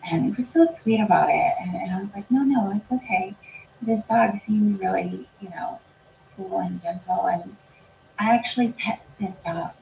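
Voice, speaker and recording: Woman guest, gravelly voice, calm storyteller, dull lo-fi audio with faint hiss. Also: medium pitch, normal speed. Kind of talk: casual chat.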